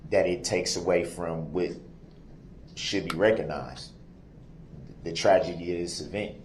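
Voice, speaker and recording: Deep-voiced man speaking haltingly in court. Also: slight background noise. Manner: halting, soft-spoken, with pauses and fillers. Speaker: defendant addressing a jury. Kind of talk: courtroom closing statement.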